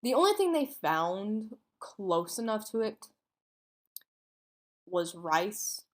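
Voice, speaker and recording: A woman's voice: mid-range voice, very animated, slow pace. A woman co-hosting a podcast, telling a true crime story in a casual way and acting out what people said. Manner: acts out quotes, sometimes drops to a whisper.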